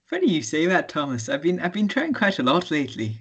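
A man's voice: fairly high pitch, very animated, brisk, few pauses, a bit bright, breathy edge. Easygoing young man chatting. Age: young adult. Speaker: podcast co-host. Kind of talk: casual chat.

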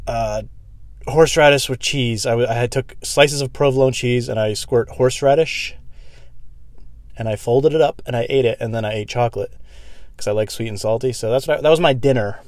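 A young man rambling through a profane comic podcast monologue from inside a parked car, breaking into sudden loud screaming bits. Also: medium pitch, brisk, no room sound. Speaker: podcast host.

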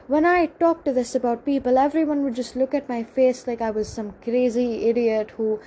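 A young woman telling a personal story in a halting, emotional confessional monologue, full of pauses and restarts. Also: fairly high pitch, steady tone, dark tone, slight background noise, poor audio. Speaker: speaker sharing a personal story.

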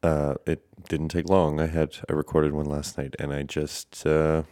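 A man's voice: extremely low pitch, little pitch movement, unhurried, mellow. A man hosting a casual podcast, rambling and hesitant with many fillers, congested and tired, breathing through his mouth. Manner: rambling, hesitant, lots of fillers, self-deprecating. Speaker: podcast host.

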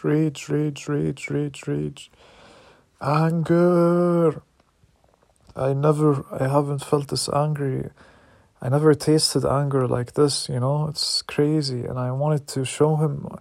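A man's voice: mid-range voice, vocal fry, darkish tone, no room sound. A man talking through raw anger and doubt in a personal reflective monologue, restarting his sentences and swearing often. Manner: raw, angry, searching, with repeated restarts and swearing.

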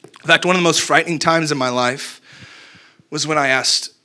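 A man's voice: on the high side, normal speed. A man leading worship, talking earnestly between songs and building to urgent questions. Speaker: worship leader. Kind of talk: spoken exhortation over worship music. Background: soft guitar playing.

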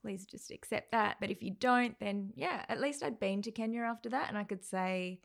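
A woman in her thirties with an Australian accent, a guest in a casual interview who talks in a lively way and acts out the voices of people she quotes. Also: mid-range voice, normal speed, gravelly.

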